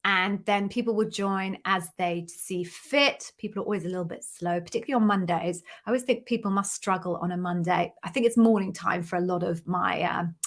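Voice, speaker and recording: A British woman with a lowish voice talks briskly and barely pauses. She's an interview coach running a live Q&A stream, chatty and bubbly, casually greeting viewers by name.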